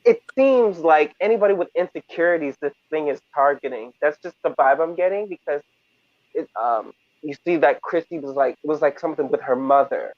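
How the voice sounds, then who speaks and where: A man co-hosting a casual review discussion, animated and hesitant, with many fillers. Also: on the high side, a little fast, no echo. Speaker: podcast co-host. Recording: tinny, dry phone-like line.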